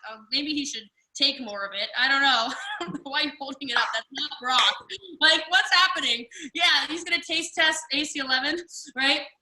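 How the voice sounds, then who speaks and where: A woman giving lively sales coaching on a video call, chatty and full of acted-out customer quotes. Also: high-pitched. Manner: chatty, drawls "y'all", acts out quoted customers. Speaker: guest speaker. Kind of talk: animated sales coaching talk. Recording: echoey video call audio, slightly distant.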